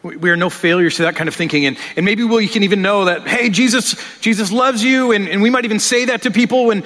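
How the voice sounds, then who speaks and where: A man's voice: sits high, fast, a bit bright. A man preaching a sermon in a conversational way, often repeating words as he restarts and asking rhetorical questions. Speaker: pastor. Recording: long hall reverb.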